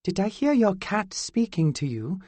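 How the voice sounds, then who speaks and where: A man's voice: high-pitched, very animated, moderate pace, darkish tone, dry recording, pitched above the performer's own voice. A male narrator voicing a haughty, curious fairy girl with a British accent and formal, old-fashioned phrasing. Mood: suspicious.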